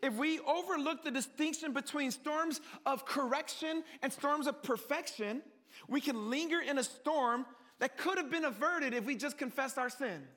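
Guy preaching a sermon, really high voice, sharp and bright, jokey, keeps calling everyone family. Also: moderate pace. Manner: animated and joking, calls the listeners "family"; swings from hushed to loud.

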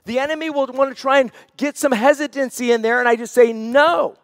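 A man's voice: extremely high pitch, steady tone, fast talker, no room sound, clean studio sound, long reverb tail. A man preaching a sermon as senior pastor, earnest and repeating phrases for emphasis.

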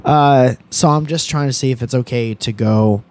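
A young man co-hosting a loose podcast, talking in a rambling, jokey way with plenty of swearing. His voice sits at an ordinary middle pitch, and the whole exchange has the feel of relaxed banter between friends. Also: moderate pace. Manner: rambling, joking, profane. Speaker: podcast co-host.

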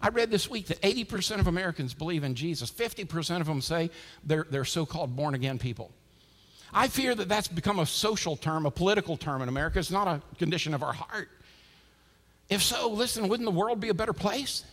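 A man preaching a sermon as a pastor, swinging between loud, emphatic lines and hushed ones. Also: high voice, lively intonation, quick pace. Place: church sanctuary with a congregation. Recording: long reverb from a large hall.

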